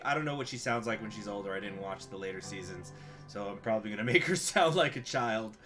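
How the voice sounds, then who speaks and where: A man's voice: lowish voice, animated, fast talker. A man casually reading game text aloud and chatting, self-deprecating, with guitar music playing behind. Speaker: streamer playing a political game.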